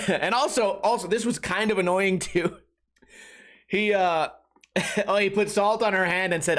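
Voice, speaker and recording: A man's voice: high-pitched, animated, fairly quick, fairly bright tone. A young man hosting a podcast, telling a rambling casual story, acting out quotes and laughing often. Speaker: podcast host.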